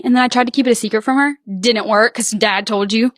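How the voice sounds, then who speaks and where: Young woman telling lively stories. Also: mid-range voice, fast talker, no echo, clean studio sound. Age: young adult. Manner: animated storytelling, acts out quoted voices. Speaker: podcast co-host. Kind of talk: casual podcast chat.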